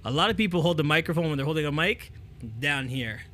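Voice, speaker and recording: A man's voice: on the high side, fast. A man hosting a talk, giving casual speaking tips into a handheld microphone and often checking in with "okay?". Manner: energetic, repeats "okay?" to check in; demonstrates with the mic, moving it near and away. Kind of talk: casual coaching talk to camera.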